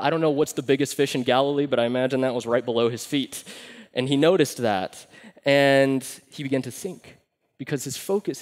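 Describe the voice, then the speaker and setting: A young man preaches to a live congregation. His voice sits a little high, and he tells the story with animated, acted-out quotes, dropping to a near hush on key lines. The sound has the long reverb of a large hall. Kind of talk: sermon.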